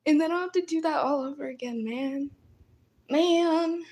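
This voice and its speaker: A woman casually commenting on her gameplay while streaming, excitable and talking to her chat with lots of starstruck exclamations. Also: high-pitched, moderate pace, soft background music. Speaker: game streamer.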